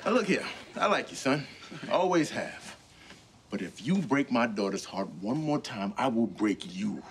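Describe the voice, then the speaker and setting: Blustering protective dad. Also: male voice, medium pitch, lively intonation, measured pace, noisy background. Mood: threatening. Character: stern blustering protective dad, middle-aged. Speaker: girlfriend's father. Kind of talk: sitcom acting.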